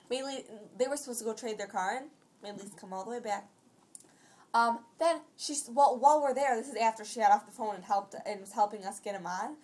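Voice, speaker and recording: A woman's voice: fairly high pitch, fairly quick, a little mellow. Rambling teenage girl telling a story. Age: teens. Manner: rambling, breathless retelling. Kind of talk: casual family chat.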